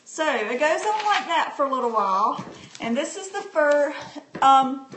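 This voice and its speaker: A woman's voice: high voice, big pitch swings, measured pace, a bit bright. A homeschooling mother demonstrating a reading book on a casual live stream, chatting and answering viewers' comments with plenty of fillers. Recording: echoey room with faint background noise.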